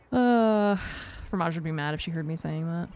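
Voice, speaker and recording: A woman's voice: fairly low pitch, a little mellow. A woman streaming a game, chatting casually and self-mockingly with viewers and her cat, laughing often. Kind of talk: casual live-stream chat while gaming.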